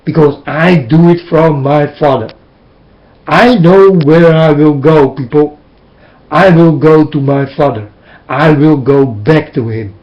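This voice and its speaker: Speaking to his webcam with a voice on the high side and a slow delivery, this man, whose first language is Dutch, lectures viewers directly in a zealous religious sermon. The sound is dull lo-fi webcam audio.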